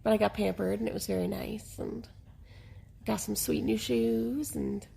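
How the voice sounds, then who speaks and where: A woman co-hosting a podcast in casual chat, hoarse and congested, talking frankly and laughing often. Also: mid-range voice, steady tone, normal speed, dark tone. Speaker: podcast co-host.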